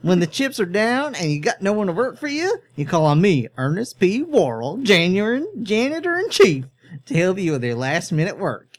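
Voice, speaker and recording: A man's voice: high-pitched, huge pitch swings, normal speed, voice pushed up. A man voicing a confident, long-winded male janitor while reading a story aloud. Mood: boastful. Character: boastful, rambling male janitor.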